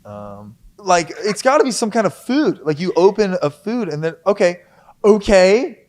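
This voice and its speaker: A man's voice: high voice, huge pitch swings, normal speed. A young man chatting as a guest on a podcast, jokey and playful, laughing often. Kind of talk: casual podcast chat.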